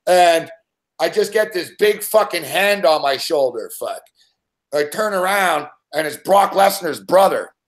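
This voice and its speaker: Man, betting show host, casual storytelling, constant swearing, slightly high voice. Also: unhurried. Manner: swears constantly, rambling and excitable.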